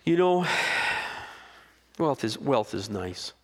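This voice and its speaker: Male pastor, mid-pitched, sermon storytelling that swells to fervent, near-shouted highs. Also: big pitch swings, takes it slowly. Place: stage before a congregation.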